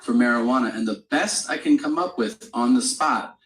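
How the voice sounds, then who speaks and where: A male comedian working a club stage, telling a story in a relaxed, chatty way and slipping into other people's voices for the punchlines. The sound carries the room around him. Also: fairly high pitch, moderate pace, reverberant, noisy background. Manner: conversational storytelling with crude humor and acted-out quotes. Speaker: stand-up comedian. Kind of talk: stand-up comedy set.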